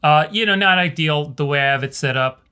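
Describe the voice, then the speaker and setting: A man's voice: fairly high pitch, a little fast, pushed and bright, smooth. Rambling man demoing a shotgun mic. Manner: rambling, self-correcting, demonstrates by talking at different distances. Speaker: video creator reviewing a microphone. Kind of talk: casual gear demonstration. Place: quiet indoor room. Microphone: shotgun mic on camera, near and far.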